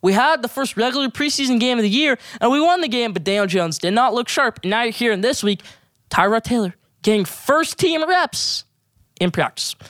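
Young sports-talk host, hyped and opinionated, very fast talker, dry close-miked sound. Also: mid-range voice, dry recording. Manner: excitable, hyping, opinionated.

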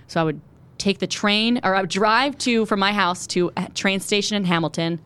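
A young woman in her twenties, a TV news reporter, telling her story quickly and animatedly as an interview guest. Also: medium pitch, a bit bright, smooth. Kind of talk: conversational interview.

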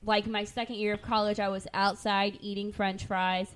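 A young adult woman co-hosting a podcast, telling stories in an animated, casual way. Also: mid-range voice, moderate pace, a little hiss or hum. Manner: animated storyteller, acts out quotes. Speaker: podcast co-host. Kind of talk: casual chat.

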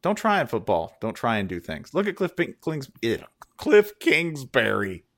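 Animated sarcastic man hosting a podcast. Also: medium pitch, normal speed. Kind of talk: casual sports podcast chat.

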